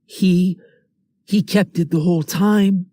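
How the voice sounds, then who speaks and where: A man's voice: high-pitched, steady tone, slow pace, mellow, no echo, pitched above the performer's own voice. A man voicing a stammering scared teen boy. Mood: nervous. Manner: stammering, pleading. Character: frightened teenage boy.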